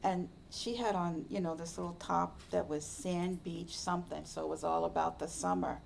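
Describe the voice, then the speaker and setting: A woman meditation teacher giving a slow, reflective dharma talk that often drops to a soft, whispery hush. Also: lowish voice, fairly even intonation, creaky. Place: meditation center hall.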